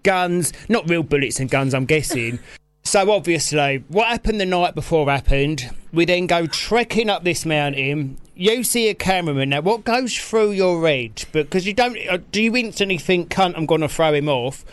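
A man hosting a casual chat, quick and teasing as he asks questions. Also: a little high, animated, clean tone, no echo. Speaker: host.

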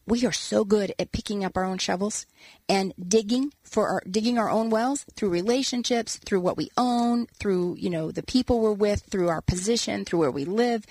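A woman author, a guest in an interview, telling a personal story in an earnest, animated way. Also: medium pitch, no room sound.

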